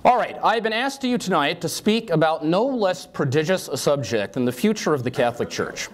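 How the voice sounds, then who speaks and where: A man's voice: fairly high pitch, animated, fairly quick. A man in his forties giving a university lecture in a conversational storytelling style, often checking in with "okay?". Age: 40s. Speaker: guest lecturer.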